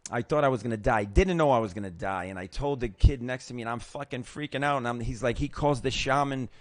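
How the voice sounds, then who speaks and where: A man's voice: medium pitch, quick pace, dry recording. A man in his sixties hosting his own show, sharing a recovery story in an emphatic, pep-talk way, swearing often and restarting sentences. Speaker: host. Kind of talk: personal recovery testimony.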